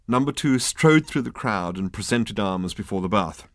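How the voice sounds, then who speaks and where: British male narrator, wry and animated, close dry mic. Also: lowish voice, moderate pace, hardly any pauses, no room sound. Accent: British English. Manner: dry, lively comic narration. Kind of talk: audiobook reading.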